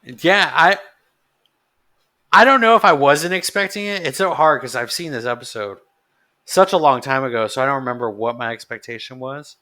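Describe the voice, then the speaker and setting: A man co-hosting a podcast, thinking aloud in a casual, halting way. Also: mid-range voice, pushed and bright. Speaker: podcast co-host. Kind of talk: casual chat.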